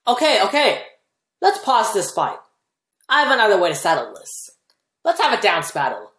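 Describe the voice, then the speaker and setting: A woman's voice: medium pitch, wildly swooping pitch, moderate pace, a bit bright. A teenage girl playing a boastful, vengeful male pirate captain in a school play, with a gloating, theatrical manner. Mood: scheming. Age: teens. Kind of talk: amateur school play acting. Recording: roomy echo.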